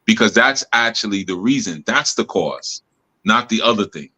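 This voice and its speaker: A man with a deep bass voice, teaching in a relaxed, reflective way with many "you know" asides, on a live stream. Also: moderate pace. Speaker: spiritual teacher and host. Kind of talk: casual teaching talk. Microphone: live stream mic.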